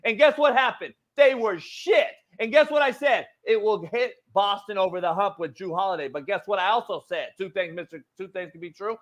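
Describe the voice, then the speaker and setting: A sports show host with a very high voice for a man, arguing heatedly and loudly. He swears freely and needles his co-host with mocking nicknames. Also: brisk, few pauses. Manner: loud, profane, goading.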